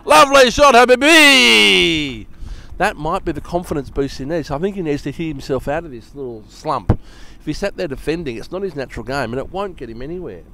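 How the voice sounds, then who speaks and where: A man's voice: a little high, lively intonation, fast talker, hardly any pauses, background noise. A man giving casual live cricket commentary, chatty and joking and often laughing.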